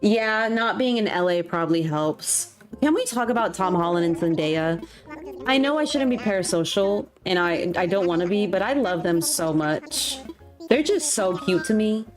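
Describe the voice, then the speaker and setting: A woman's voice: fairly low pitch, lively intonation, normal speed. Girl in her 20s chatting on stream while she plays, gushy and jokey, bit of game music underneath. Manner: chatty, gushing, self-mocking. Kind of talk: casual chat while gaming.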